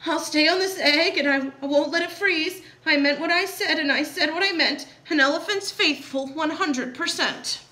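Casting: woman playing a kind, steadfast storybook elephant, earnest and bright. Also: high-pitched, normal speed, hardly any pauses, a little hiss or hum, voice pushed up. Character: gentle faithful male elephant.

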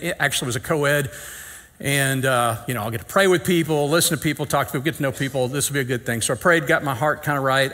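A man's voice: a little high, pushed and bright. A middle-aged man, preaching and telling a folksy, funny story, acting out the dialogue. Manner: folksy, acts out dialogue, self-deprecating humor. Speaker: pastor. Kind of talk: sermon storytelling.

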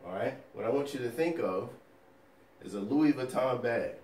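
A male nursing educator teaching a recorded lecture over slides, energetic and folksy, firing rhetorical questions at the listener. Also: medium pitch, normal speed, roomy sound, far from the mic, a little hiss or hum. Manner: folksy and playful.

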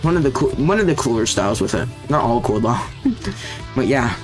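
An excitable young man talks through a game match in loose, slangy commentary, jumping to alarmed yelps when startled. His voice sits at an ordinary middle pitch. Loud game music and effects play under him the whole time. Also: normal speed. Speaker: gaming YouTuber. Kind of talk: casual gameplay commentary.

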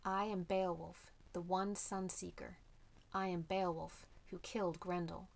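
A woman reading a fearless warrior hero, slow and ringing. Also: lowish voice, level tone, gravelly, poor audio. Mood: defiant. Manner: slow, emphatic, incantatory delivery. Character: bold young male warrior hero, fearless.

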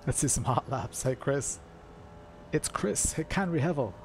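Irish guy, streamer, mid-pitched, easygoing chatter with lots of fillers, talks to his chat while he drives. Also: expressive, a little slow, slight background noise. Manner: chatty, greets viewers by name, many fillers. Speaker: sim racing streamer. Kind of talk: casual live-stream commentary while racing. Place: room at home.

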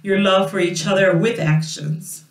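A woman's voice: mid-range voice, fairly even intonation, measured pace, recorded from a distance, soft background music. A woman pastor hosting a radio talk, speaking earnestly and often saying 'praise God'. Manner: earnest, sprinkles 'you know' and 'praise God'. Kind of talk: casual preaching talk. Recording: roomy sound, away from the mic.

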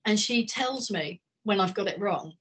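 A middle-aged woman leads a communication training session over a video call, talking in an easy, anecdotal way. Her voice is somewhat breathy and sits at an ordinary pitch. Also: animated, a bit bright. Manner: conversational, anecdotal, speeds up and slows down.

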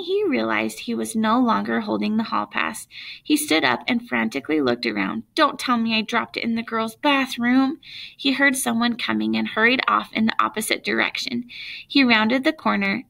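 Bright, gravelly woman reading aloud. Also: a little high. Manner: expressive, chatty asides to listeners. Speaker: teacher reading aloud to students. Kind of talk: reading a children's book aloud.

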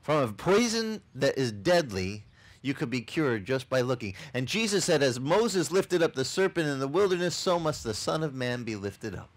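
A man preaches a sermon outdoors at a beach service. His pitch is middle for a man and swings widely as he tells Bible stories. He acts out the people in them with quick changes of voice. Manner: animated storytelling, acts out voices of people and God. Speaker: pastor.

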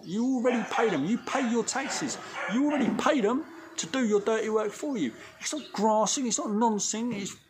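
Man, cheeky and blunt, casual advice vlog, outdoors, clear background noise. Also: very high voice. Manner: blunt, cheeky, slangy, talks straight to viewers. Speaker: window cleaning business owner.

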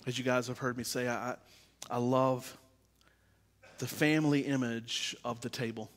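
A middle-aged man preaching a sermon as pastor, swinging from quiet confiding to loud impassioned preaching. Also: mid-range voice, level tone, normal speed. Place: church sanctuary. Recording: long reverb of a church hall.

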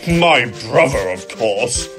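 A man voicing a proud, boastful big male steam engine in a storybook audio reading, booming and pompous. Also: expressive, moderate pace, music in the background, lightly acted.

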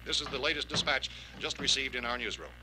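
A man's voice: medium pitch, expressive, fast talker, background noise, close to an everyday voice. An actor playing a male radio news announcer, reading bulletins in a formal broadcast manner. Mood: urgent.

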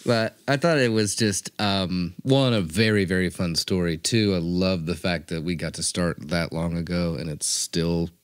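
A young adult man co-hosting a podcast, chatting casually and telling an animated story with plenty of swearing. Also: sits low, normal speed, few pauses, clean tone, no echo, studio quality. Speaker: podcast co-host. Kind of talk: casual chat.

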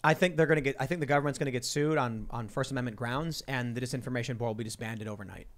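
A man's voice: mid-range voice, rapid-fire. A male host of a political talk show, joking wryly in casual panel chat.

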